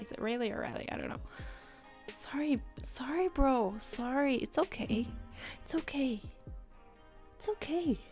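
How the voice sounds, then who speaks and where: Slow, bubbly woman art streamer. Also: mid-range voice. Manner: bubbly, giggly, greets chatters one by one. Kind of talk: casual livestream chat. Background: faint background music.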